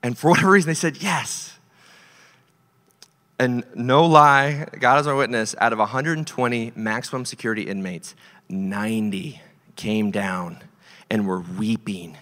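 A male pastor telling a story in a sermon, animated, swinging between loud and hushed delivery. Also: mid-range voice, moderate pace. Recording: long hall reverb.

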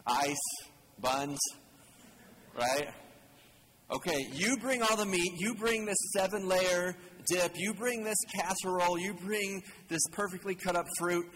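A pastor with a higher, slightly bright voice gives a conversational sermon, casual and joking as he poses questions to the congregation. A long hall reverb and faint ambient noise fill the recording.

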